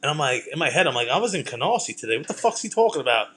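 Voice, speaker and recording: A middle-aged man tells heated stories in a profane, rambling monologue. His voice sits fairly high for a man. He talks casually, as the host of his own show. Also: big pitch swings, very fast, fairly bright tone. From Brooklyn, New York. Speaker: podcast host.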